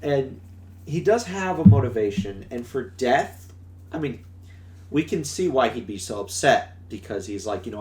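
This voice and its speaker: A man co-hosting a casual film podcast, recapping scenes in an animated way and acting out characters' lines. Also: mid-range voice, normal speed. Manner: animated retelling with acted-out character bits. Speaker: podcast co-host. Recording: echoey room with faint hum.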